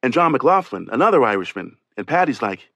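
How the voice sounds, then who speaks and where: A man's voice: mid-range voice, big pitch swings, brisk, creaky, pushed and bright, no room sound. Man reading first-person testimony, dry. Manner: voices witness testimony in first person, conversational. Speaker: audiobook narrator. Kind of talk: oral history audiobook reading.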